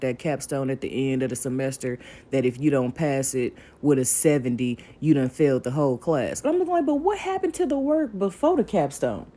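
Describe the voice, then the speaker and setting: With a warm bass voice, a young woman hosts a crafting channel, chatting freely in a laid-back voiceover and speaking directly to the people watching.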